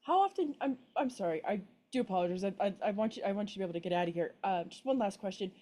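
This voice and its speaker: A woman's voice: mid-range voice, expressive, very fast, mellow. A woman playing a tabletop role-play game, speaking hesitantly with apologetic restarts. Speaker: player.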